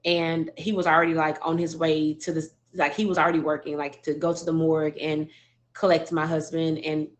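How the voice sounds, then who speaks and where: A widowed woman telling the story of her husband's death in a halting, emotional way, with many restarts and fillers. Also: low-pitched, flat delivery. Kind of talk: personal storytelling.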